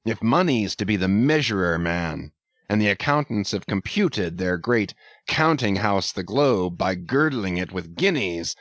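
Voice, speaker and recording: A man's voice: on the low side, a bit bright, no room sound, muffled recording. A man reading the part of an obsessed old whaling captain, delivered as thundering, ranting declamation. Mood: scornful. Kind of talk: audiobook character reading.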